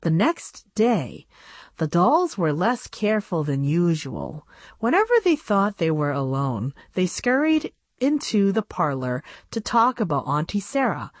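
Woman reader for a radio reading service; expressive storybook delivery with a lively, varied tone. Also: on the low side, unhurried, no echo. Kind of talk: reading a children's book aloud.

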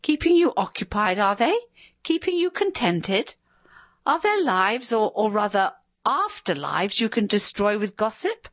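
A woman's voice: mid-range voice, big pitch swings, measured pace, a bit bright, dry recording. A woman voicing a bitter, scornful husband in a spoken story, sneering and sarcastic.

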